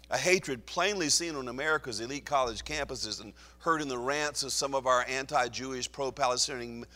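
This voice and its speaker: A man's voice: mid-range voice, pushed and bright, big-room sound. A man teaching through a Bible passage, reading scripture aloud with rising emphasis. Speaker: preacher.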